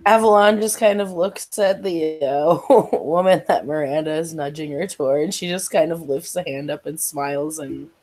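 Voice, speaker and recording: A woman's voice: low-pitched, normal speed, few pauses, darkish tone, faint music behind. A woman playing a tabletop role-playing game, narrating her character's actions with frequent giggles. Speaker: tabletop player.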